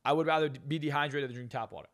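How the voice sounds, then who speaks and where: A young man appears as a podcast guest, a hypnotist and success coach, speaking in a fairly high, bright voice at a racing clip. He's blunt and brash, swearing constantly and driving points home with emphatic jabs.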